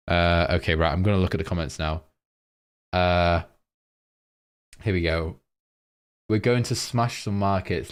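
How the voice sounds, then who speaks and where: A young man, casually going over forex charts on a live stream and reading out viewer comments. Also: low voice.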